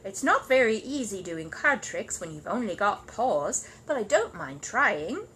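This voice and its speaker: A woman's voice: mid-range voice, very animated, unhurried, fairly bright tone. A woman voicing a polite, earnest young bear who speaks hopefully and a little apologetically, with faint noise behind her.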